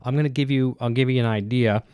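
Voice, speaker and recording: A man's voice: medium pitch, fairly even intonation, fast talker, darkish tone, clean tone, no echo, studio quality. Congested man rambling on a livestream. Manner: rambling, many fillers and restarts. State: congested with a cold, breathing heavily. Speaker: guitar gear livestream host. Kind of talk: casual live-stream chat, reading viewer comments. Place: home studio. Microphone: dynamic broadcast mic close up.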